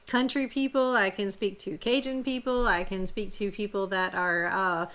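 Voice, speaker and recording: A woman from Louisiana, a family vlog host, chatting casually with lots of fillers and halting restarts before telling a story. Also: mid-range voice, fairly even intonation, a bit bright. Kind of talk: casual chat, then storytelling.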